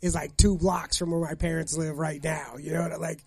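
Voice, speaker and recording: A man's voice: fairly high pitch, flat delivery, fairly quick, a little mellow. A young man from the Los Angeles area telling a profane story in casual chat, acting out voices. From Gardena, Los Angeles area.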